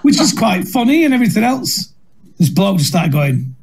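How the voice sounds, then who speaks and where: A middle-aged man with a Northern English accent, a comedian telling stories in a lively, self-mocking way and laughing through them. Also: sits high, moderate pace, background noise. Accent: Northern English, Manchester. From England. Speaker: comedian guest. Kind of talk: anecdotal storytelling.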